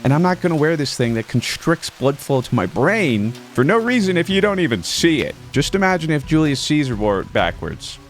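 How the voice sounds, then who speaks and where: A man's voice: on the high side, very animated, brisk, few pauses. A man giving sponsored gameplay commentary while hamming it up as a pompous mock emperor. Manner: hammy, pompous mock-emperor role-play. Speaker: gaming YouTuber. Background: background music.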